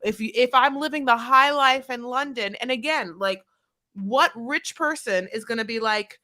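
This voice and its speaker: A woman's voice: fairly high pitch, expressive, normal speed, bright, forceful tone. A woman co-hosting a podcast, chatting casually about a TV episode, rambling with many fillers and wry asides. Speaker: podcast co-host. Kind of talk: casual recap chat.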